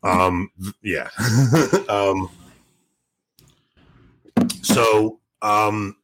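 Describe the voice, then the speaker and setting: A man with a husky, breathy voice chats on a podcast. He tells stories with excitement, acts out what people said, and laughs often as he goes. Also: lowish voice, very slow. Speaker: podcast co-host. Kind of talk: casual podcast chat.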